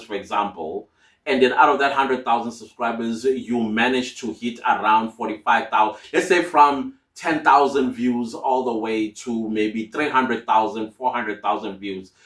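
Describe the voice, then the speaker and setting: A man's voice: medium pitch, a bit bright. Emphatic man, roomy and distant. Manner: emphatic, repeats key phrases. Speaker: content creator. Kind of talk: motivational advice to camera.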